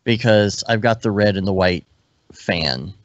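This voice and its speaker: A relaxed man co-hosting a live podcast, rambling and restarting his sentences as he chats. His voice sits a bit low, and the sound is dry and dull, like a lo-fi online call. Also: unhurried, no echo. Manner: relaxed, rambling, self-interrupting. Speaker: podcast co-host. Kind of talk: casual live podcast chat.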